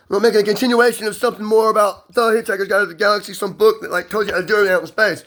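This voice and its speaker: A man in an intense, rambling personal monologue, emphatic and profane, often rushing and restarting his sentences. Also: high voice, fairly even intonation, a bit bright.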